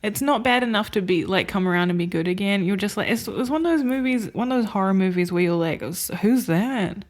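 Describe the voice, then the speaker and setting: A woman on a podcast talks fast in a mid-range voice, barely pausing as she rambles about movies she's seen. Filler words and frequent laughs run through her casual film chat.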